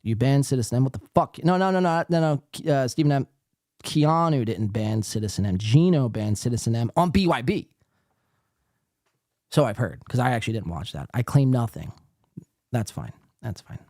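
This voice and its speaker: A man's voice: medium pitch, expressive, fairly quick, darkish tone, no echo, studio quality. A man hosting a live podcast, ranting profanely and sarcastically at other show hosts. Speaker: podcast host.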